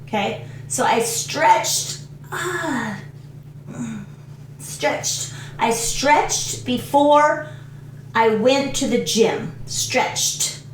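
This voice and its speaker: A woman teaching English to a class, repeating each word slowly and clearly and acting out the actions. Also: high voice, slight background noise. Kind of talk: slow classroom lesson with drills. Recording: echoey room, voice a bit far from the mic.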